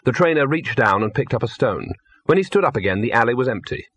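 A man reading a comic novel aloud as audiobook narrator, wry and measured. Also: medium pitch, expressive, fairly bright tone, dull audio, a little hiss or hum. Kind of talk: scripted narration.

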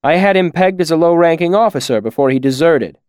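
A man's voice: fairly high pitch, animated, a little fast, a little mellow, clear, resonant tone, no echo, studio quality, voice pushed up, close to an everyday voice. A man voicing an angry scribe who speaks in a clipped, cutting way. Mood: indignant. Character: indignant male scribe, sharp-tongued.

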